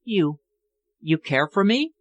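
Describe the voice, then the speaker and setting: A man's voice: high voice, very animated, slow, fairly bright tone, dry recording, lo-fi sound, pitched above the performer's own voice, exaggerated voice. Upset young wife, proud but fragile, pleading in a raised voice, as a male narrator puts her on for a storybook. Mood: pleading, distressed.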